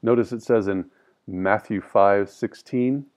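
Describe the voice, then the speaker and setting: A man teaching a scripture study. He reads verses slowly and with emphasis, then explains them in plain, casual talk. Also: on the low side, darkish tone. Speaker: Bible teacher.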